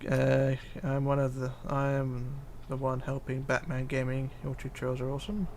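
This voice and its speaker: Gravelly-voiced man chatting on a stream. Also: mid-range voice, little pitch movement, normal speed, a little mellow, a little hiss or hum. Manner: reads viewer comments aloud, hesitant with fillers, mutters while counting. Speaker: livestreamer. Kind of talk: casual live stream chat while building.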